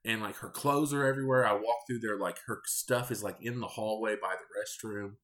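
A man in his thirties, a podcast host, telling candid stories in a casual, rambling, deadpan way. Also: on the low side, fairly quick. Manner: candid, rambling, deadpan about odd customers. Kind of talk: casual storytelling monologue.

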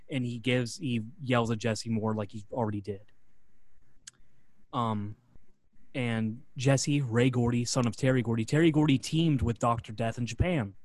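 A man hosting a podcast, telling a story in a relaxed way with fillers and recapping a match. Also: medium pitch, normal speed, no room sound. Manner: relaxed, with fillers, acts out quotes. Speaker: podcast host.

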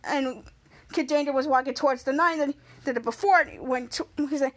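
With a high-pitched, fairly bright voice and a brisk pace, a woman podcast host gives a casual recap of an episode. Her retelling rambles from scene to scene, loaded with "cut to" and "he's like."

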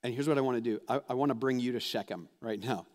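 A man's voice: medium pitch, fast. A man preaching a sermon as a pastor, talking conversationally and putting direct questions to his listeners. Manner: conversational, animated, asks the audience direct questions.

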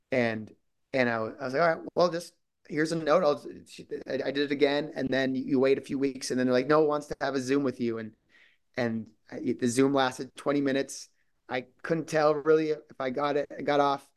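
A man's voice: medium pitch, steady tone, normal speed, smooth. A man from Minnesota, a guest actor talking casually in an interview, rambling with many restarts and quoted asides.

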